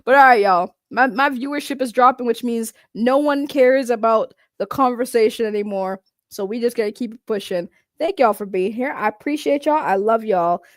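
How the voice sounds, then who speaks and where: A woman's voice: on the high side, no echo, clean studio sound. A woman livestreamer chatting casually and brashly, swearing and laughing as she answers her chat. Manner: brash, profane, quick to laugh, reacts to chat.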